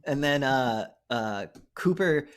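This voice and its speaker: A man co-hosting a podcast, retelling a horror movie plot in casual, animated chat, swearing freely. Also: medium pitch, takes it slowly, smooth. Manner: animated storytelling, heavy swearing, acts out quotes. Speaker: podcast co-host.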